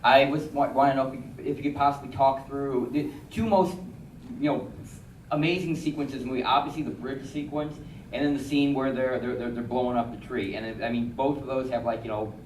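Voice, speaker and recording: A man's voice: mid-range voice, fairly even intonation, slight background noise. A man in the audience asking a long question, stumbling and restarting often. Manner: halting with many restarts. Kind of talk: casual question. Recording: echoey hall from far off.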